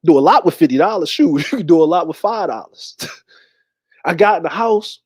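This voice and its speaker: A man in his forties tells a story from his youth in an animated, conversational way. His voice is high for a man, and the sound is dry and close. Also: fairly quick, breathy edge, no echo. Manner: animated, conversational retelling with quoted dialogue. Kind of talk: personal storytelling.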